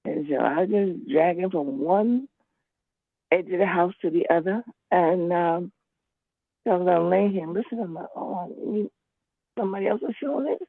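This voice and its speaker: A woman calls in to an online class over a computer connection, giving a casual spoken account in a rambling, emphatic style and repeating herself. Her voice is on the low side, gravelly and husky at a moderate pace. The recording is dry, with a tinny, phone-like line.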